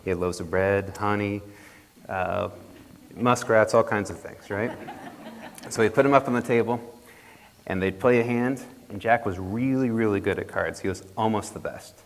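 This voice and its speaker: A man's voice: fairly low pitch, normal speed, slight background noise. Playful man telling a folk tale. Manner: playful, chatty, with jokey asides. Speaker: storyteller. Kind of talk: folk tale told to a congregation. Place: church hall. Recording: long reverb of a hall.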